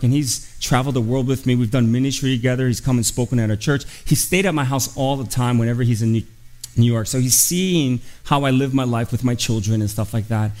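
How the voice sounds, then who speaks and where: A man's voice: medium pitch, a little mellow, poor audio. A middle-aged man preaching a storytelling sermon, with a voice that sits in an ordinary middle register. He speaks earnestly and confessionally, and he brings the people in his story to life by acting out their lines. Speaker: guest pastor.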